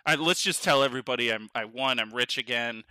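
An excitable man chatting on a podcast, rambling and breaking into laughs. His voice is very bright and edgy. The sound is dry and close. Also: mid-range voice, quick pace, clean tone, no room sound. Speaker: podcast co-host. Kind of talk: casual chat. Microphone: headphones on, podcast mic.

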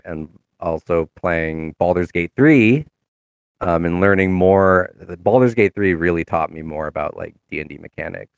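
A man's voice: sits low, clear, resonant tone, dry recording. A man chatting casually about his game character, rambling with many fillers and restarts. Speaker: tabletop game player. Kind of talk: casual chat.

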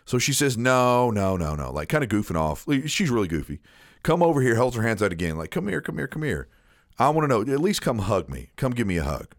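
Low-voiced man telling a rambling story. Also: big pitch swings, fast, no echo, clean studio sound. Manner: rambling, repeats words, acts out quotes. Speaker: storyteller on a chat show. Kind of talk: casual storytelling chat.

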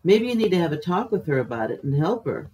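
A man's voice: on the high side, very animated, quick pace, dark tone, rough recording. A man co-hosting a podcast in casual chat who teases and laughs easily, then gives earnest advice.

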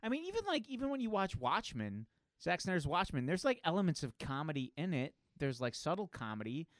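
A man's voice: a little high, big pitch swings, brisk, dry recording, clean studio sound. A man co-hosting a podcast, talking about comics casually and enthusiastically, rambling with many fillers. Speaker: podcast co-host. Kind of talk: casual comic book chat.

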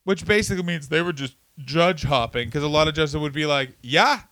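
A man's voice: a little high, a little fast, a bit bright, no room sound. A man co-hosting a comedy podcast, blunt and profane. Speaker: podcast co-host. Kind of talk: casual comedy chat.

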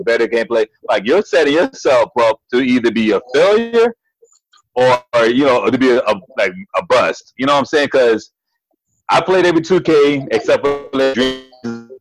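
A man co-hosting a casual gaming podcast over a tablet video call, talking in slangy, animated banter. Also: mid-range voice, brisk, no echo, faint music behind, poor audio. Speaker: podcast co-host. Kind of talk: casual chat.

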